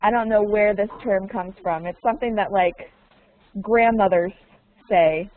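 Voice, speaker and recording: A woman's voice: medium pitch, normal speed. A woman teaching a conversation class over a video call. She repeats her questions patiently and slips in Russian words to explain. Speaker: English teacher. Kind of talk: online conversation lesson. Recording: tinny, narrow call audio with faint noise.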